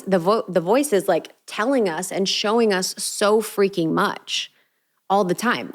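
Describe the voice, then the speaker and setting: Low-pitched earnest woman podcast host. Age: young adult. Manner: earnest, spiritual, casual with frequent "like". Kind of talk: reflective solo podcast monologue.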